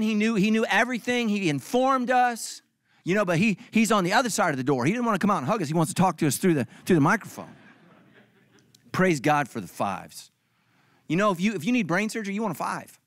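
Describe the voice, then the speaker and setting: A man's voice: sits high, expressive, fast talker, fairly bright tone, no echo. A middle-aged male pastor giving a comedic sermon, acting out other people's lines for laughs.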